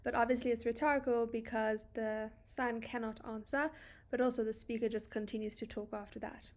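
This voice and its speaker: A woman's voice: a little high, little pitch movement, brisk, darkish tone. A woman with a South African accent tutoring English literature, reading poem lines and paraphrasing them casually with many fillers. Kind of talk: poetry analysis lesson.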